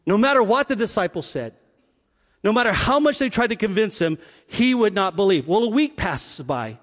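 A man's voice: high voice, in a large hall. A man preaching a sermon, acting out the scenes as he tells them. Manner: animated, acts out scenes with quick voice shifts. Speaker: pastor.

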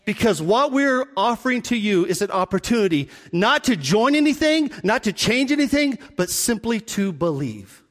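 A high-pitched man preaching a sermon in a church. He tells the story with animated energy and sinks to a near hush for emphasis. His voice carries a long reverb through the sanctuary. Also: normal speed, few pauses. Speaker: pastor.

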